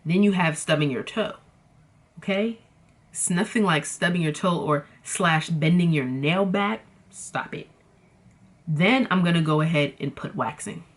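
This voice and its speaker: A woman's voice: fairly low pitch, normal speed. A young woman vlogger telling a storytime in a casual, dramatic, slangy way, talking straight to her viewers. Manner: animated, dramatic, slangy, addresses viewers as y'all.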